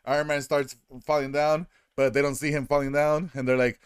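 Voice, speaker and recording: A man's voice: fairly high pitch, level tone, a little fast, hardly any pauses, smooth. Man recapping a film with jokey impressions. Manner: rambling, laughing, acting out lines. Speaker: podcast co-host. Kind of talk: casual movie recap chat.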